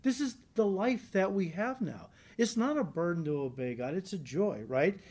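A man's voice: sits high, animated, normal speed, darkish tone. A male pastor giving an earnest, emphatic sermon to a congregation in church. He repeats key lines for stress and often checks in with "right?".

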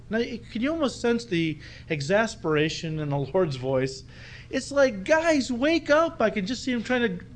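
High-voiced conversational male preacher. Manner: conversational, acts out quotes. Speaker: pastor. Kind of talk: expository sermon.

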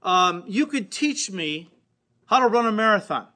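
A man preaching a sermon in an earnest tone, building to emphatic points and dropping to grave, quiet passages. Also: high voice, lively intonation, a little slow.

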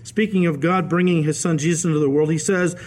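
A male pastor giving a radio Bible teaching sermon, telling the stories in a lively way and acting out the quoted voices. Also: on the high side, fast. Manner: animated storytelling, acts out quoted voices.

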